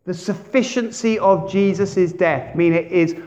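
A man preaching a sermon as pastor, animated, with big swings in loudness and questions put to the congregation. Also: sits high, unhurried, few pauses. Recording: dull lo-fi sermon recording.

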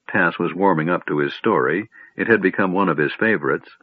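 A man reading an audiobook aloud, expressive as he narrates. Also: deep voice, brisk, hardly any pauses, slightly rough, no echo. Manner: expressive reader. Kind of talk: scripted narration. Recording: tinny phone-like line, dry.

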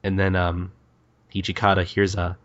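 A man's voice: deep voice, monotone, fairly bright tone, muffled recording. A man co-hosting a podcast, casually retelling manga scenes with lots of ums and uhs. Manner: retells scenes with quick voiced quotes, many fillers. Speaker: podcast co-host. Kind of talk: casual chat recapping a manga.

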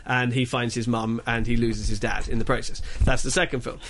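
A man reviewing films on a radio show, telling the story in an animated, rambling way with many restarts. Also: medium pitch, a little fast, slight background noise. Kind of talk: casual radio chat.

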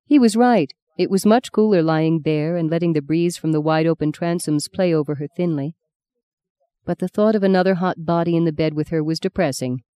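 Lady reading a novel aloud, steady and measured, warm dark tone, dry close mic. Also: deep voice, clear, resonant tone, no echo. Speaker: audiobook narrator. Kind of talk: scripted narration.

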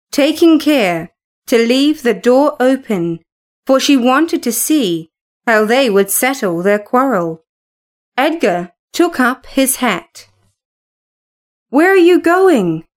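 Slow, measured woman narrating a story. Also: on the high side. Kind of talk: audiobook narration.

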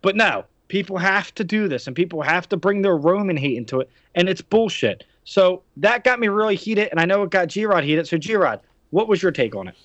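A man's voice: high-pitched, expressive, brisk, few pauses, a bit bright, no room sound. A man hosting a podcast, ranting indignantly and firing off rhetorical questions. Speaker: podcast host. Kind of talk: heated podcast discussion. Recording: dry, dull lo-fi sound.

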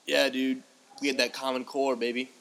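A man's voice: medium pitch, level tone, moderate pace, vocal fry, fairly bright tone. A young man co-hosting a podcast in casual chat, laid-back and reacting with short quips. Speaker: podcast co-host.

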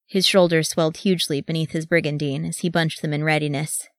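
A woman reading fan fiction aloud as an audiobook, with a steady read that voices each character. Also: low-pitched, brisk, few pauses, no echo, studio quality. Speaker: audiobook reader.

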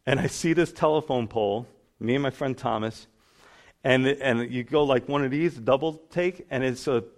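A man's voice: medium pitch, normal speed. New preacher guy telling his own story in a sermon, does little voices for people. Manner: storytelling, acts out voices in quotes. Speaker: pastor. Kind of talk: sermon testimony.

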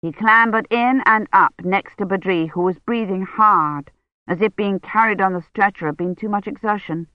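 A woman narrating a novel in a steady, even reading voice. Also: mid-range voice, normal speed, dry recording. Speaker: audiobook narrator. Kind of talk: scripted narration. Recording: dull lo-fi recording.

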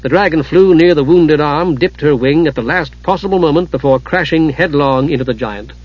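A man narrating a fantasy audiobook in a steady, dramatic storytelling manner. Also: a little high, moderate pace, no room sound. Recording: dull lo-fi audiobook recording.

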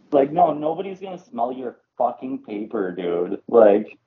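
A man co-hosting a podcast, an animated storyteller in casual chat who laughs and swears freely. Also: medium pitch, phone-quality sound. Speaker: podcast co-host.

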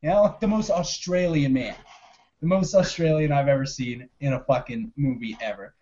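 A man co-hosting a casual movie review chat, animated and profane, quoting scenes in put-on voices. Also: medium pitch, moderate pace, dull audio. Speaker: podcast co-host.

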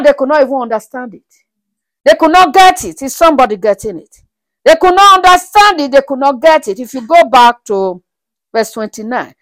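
A woman preaching a sermon, reading Bible verses aloud and asking the congregation again and again whether they are following, with bursts of laughter and praise between verses. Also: high-pitched. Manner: animated, with frequent rhetorical checks on the congregation.

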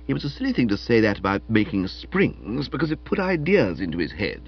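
A man reading a comic novel aloud as a wry, animated storyteller, in a dull lo-fi recording. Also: on the low side, brisk, gravelly, few pauses, slightly rough. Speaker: audiobook reader. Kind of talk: scripted comic novel narration.

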